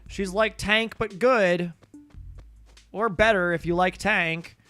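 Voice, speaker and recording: A man's voice: high-pitched, steady tone, slow, bright, forceful tone, faint music behind. A tired man rambling through casual gameplay commentary on a stream, goofy and profane, talking mostly to himself. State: tired, yawning.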